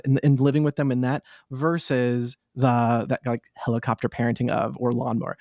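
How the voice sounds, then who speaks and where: A man, a child therapist, talking in a debate about parenting in a measured, probing way. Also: medium pitch, darkish tone, dry recording, studio quality. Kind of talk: debate talk.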